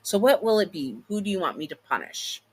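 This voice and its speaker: A man's voice: high-pitched, sing-song, fairly quick, husky, pitched above the performer's own voice, heavily acted. A man voicing a smug, teasing female demon who calls the listener pet names. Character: smug flirty female demon, possessive and protective.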